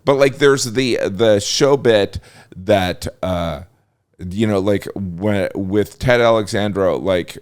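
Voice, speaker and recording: Smooth-voiced middle-aged male comic guest. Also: lowish voice, slow pace. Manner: rambling, trails off, many fillers and restarts. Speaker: comedian guest. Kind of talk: casual chat.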